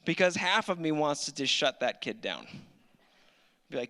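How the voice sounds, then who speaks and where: Bright-voiced man doing stand-up. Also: a little high, very animated, normal speed, long pauses. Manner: dry, self-mocking storyteller. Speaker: stand-up comedian. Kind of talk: stand-up set. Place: comedy club stage.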